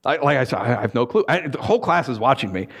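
A man preaching a sermon, reading scripture and telling stories with lively, acted-out voices. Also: mid-range voice, fast. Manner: animated storytelling with acted-out voices.

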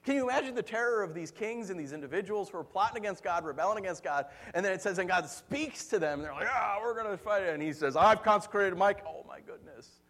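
Man, pastor, sermon, animated storytelling, acts out voices, laughs a lot. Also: high voice, quick pace, hardly any pauses.

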